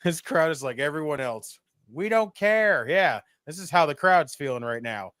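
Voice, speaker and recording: Profane, excitable male stream host. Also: fairly high pitch, moderate pace, dry recording, studio quality. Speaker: podcast host. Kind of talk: casual watch-party chat.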